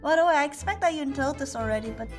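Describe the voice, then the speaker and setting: Excitable woman game streamer, very high voice, tripping over words. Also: fast. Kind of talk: game stream, reading dialogue aloud. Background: game music.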